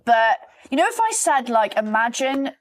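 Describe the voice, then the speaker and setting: A woman hosting a podcast, telling stories in a lively, casual way with swearing and lots of fillers. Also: on the high side, moderate pace, slight background noise. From Wales. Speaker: podcast host. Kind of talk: casual storytelling chat.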